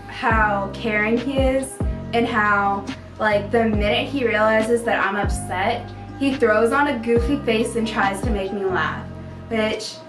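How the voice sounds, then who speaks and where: A young woman talking casually about her boyfriend, chatty and full of "like". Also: on the high side. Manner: chatty, lots of "like". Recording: roomy, distant, music behind.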